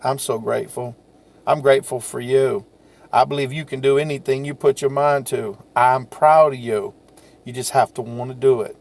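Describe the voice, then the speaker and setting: A man's voice: mid-range voice, fairly even intonation, moderate pace, creaky, darkish tone. A salesman giving a folksy, repetitive, encouraging motivational talk to camera.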